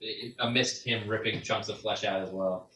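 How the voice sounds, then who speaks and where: Low-voiced man running a tabletop game. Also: fairly even intonation, normal speed, pushed and bright, slight background noise. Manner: casual, filler-heavy narration with many "like"s. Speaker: game master. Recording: echoey room, mic at a distance.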